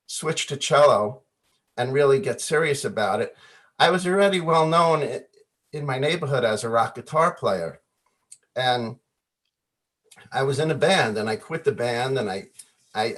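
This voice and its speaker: Animated storytelling man on a video call. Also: mid-range voice. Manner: animated storyteller, acts out quoted voices, laughs often. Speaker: guest musician.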